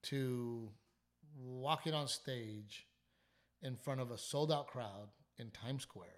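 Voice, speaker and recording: Mid-range in pitch, this man takes it slowly as he speaks. A comedian and podcast host from South Texas, he's ill and short on sleep, telling a story casually with animated swearing and frequent restarts that trail off.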